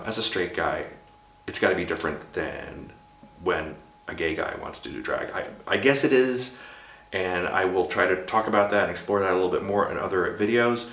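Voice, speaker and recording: Chatty low-voiced man with an American accent. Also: a bit bright. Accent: American, put on by a Swedish speaker. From Sweden. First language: Swedish. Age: 50s. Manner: chatty and candid, with frequent asides and restarts. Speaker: vlogger. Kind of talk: casual personal monologue. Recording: roomy echo.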